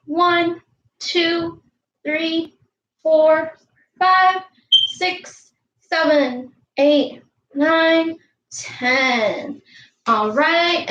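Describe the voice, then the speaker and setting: A woman coaching young girls through an online warm-up and lesson, counting aloud in an upbeat way and calling herself by name in the third person. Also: high-pitched, dull audio, a little hiss or hum. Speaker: youth sports coach. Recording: echoey room.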